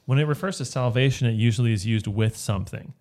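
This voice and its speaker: A man's voice: medium pitch, fast talker, a little mellow. A man leading a casual Bible study, explaining a passage step by step and often checking in with "right?". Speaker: Bible teacher.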